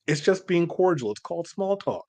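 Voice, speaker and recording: A man's voice: on the high side, sing-song, normal speed, a little mellow. A man, co-hosting a casual reaction chat, making his case earnestly and at length. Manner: earnest, persuasive, rambling. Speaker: co-host.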